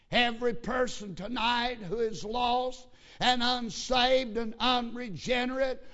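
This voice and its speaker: A man preaching a sermon, telling a story that builds into loud, emphatic preaching. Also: very high-pitched. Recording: lo-fi sermon recording.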